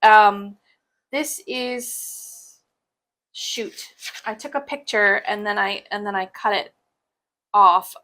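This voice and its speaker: A woman's voice: mid-range voice, slow, pauses often, fairly bright tone. A young woman hosting a casual cross-stitch show, chatting in a joking, sarcastic way and laughing often. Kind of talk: casual chat.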